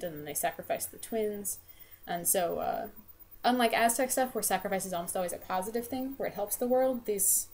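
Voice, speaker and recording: A woman's voice: mid-range voice, darkish tone, slight background noise. Chatty woman casually retelling a story. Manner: chatty, lots of "they're like" and "um". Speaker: vlogger and game developer.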